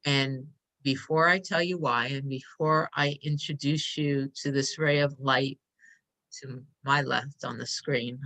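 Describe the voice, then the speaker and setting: Soft-spoken woman guiding a meditation. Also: rumbling low. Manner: soft, emotional, inviting. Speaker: host. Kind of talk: guided meditation talk.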